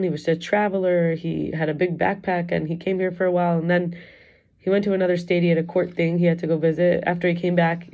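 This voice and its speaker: Middle-aged woman, low mellow voice, candid rambling confessional vlog delivery. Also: dull audio. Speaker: wellness coach and teacher. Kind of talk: personal reflective vlog.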